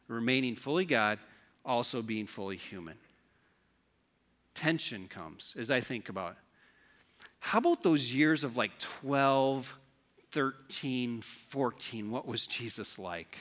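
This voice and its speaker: A man in middle age preaches a sermon, his voice bright and forceful. He keeps throwing rhetorical questions at the congregation, rising and dropping his delivery as he drives each point home, all at an ordinary middle pitch. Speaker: pastor.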